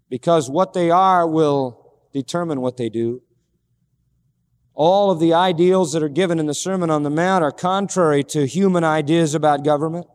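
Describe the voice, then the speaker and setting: Man, preacher, emphatic sermon, high voice, reverberant sound. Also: smooth. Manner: emphatic, rhetorical questions, repeats key phrases.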